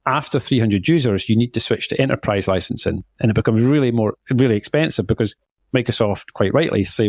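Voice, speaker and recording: A man's voice: lowish voice, brisk, a little mellow, no room sound. A man hosting a podcast, talking things through casually with lots of fillers. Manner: conversational, thinks aloud with many fillers. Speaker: podcast host.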